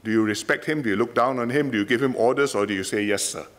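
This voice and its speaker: A man from Singapore with a Singaporean English accent, giving a speech in a parliament chamber in measured, emphatic short phrases. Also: medium pitch. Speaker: politician.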